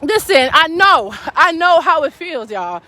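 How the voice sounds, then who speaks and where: A woman's voice: very high voice, big pitch swings, a little slow, bright, forceful tone, no echo. A woman giving a fervent, preaching-style live stream talk, calling out to her audience as a faith speaker.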